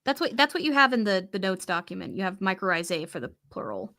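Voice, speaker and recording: A woman co-hosting a casual livestream, explaining in a measured way and gently correcting her partner. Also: mid-range voice, animated.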